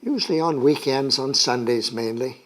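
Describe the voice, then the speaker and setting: Older man recalling his childhood, halting. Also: mid-range voice. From United States. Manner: rambling, halting with many fillers. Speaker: interviewee. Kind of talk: oral history interview.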